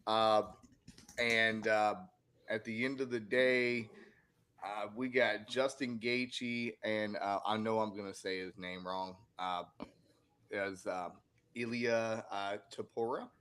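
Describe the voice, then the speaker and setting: A man's voice: on the low side, steady tone, slow pace, fairly bright tone, smooth. A man co-hosting a sports podcast, chatting casually and rambling with many fillers and restarts. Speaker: podcast co-host.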